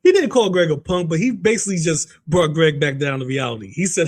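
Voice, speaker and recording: A man hosting commentary on online drama, talking in an animated, mocking way and often breaking into laughter. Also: on the high side, fairly quick, hardly any pauses. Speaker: commentary host.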